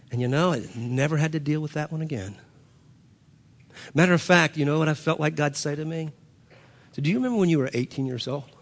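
A man preaching a sermon as pastor, earnest, often repeating himself and restarting phrases. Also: a little high. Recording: long hall reverb.

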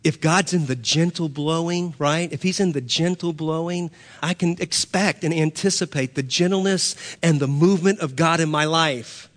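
Earnest pastor preaching in a reverberant hall. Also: male voice, a little high, moderate pace. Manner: earnest, repeats phrases, stumbles and restarts. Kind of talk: sermon.

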